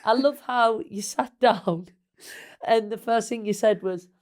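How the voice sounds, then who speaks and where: A woman's voice: on the high side, a little slow. A woman in her thirties with a Northeast English accent, hosting a podcast in a playful, teasing casual chat. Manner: playful, teasing, laughs often. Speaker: podcast host.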